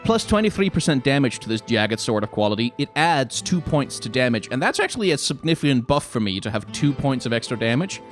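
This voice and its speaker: A man talks his way through a dungeon game in easy, off-the-cuff commentary, reasoning aloud about loot and swearing casually. His voice sits at a middling pitch. Game music plays loudly beneath him. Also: very animated, a little fast, hardly any pauses. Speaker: let's play host.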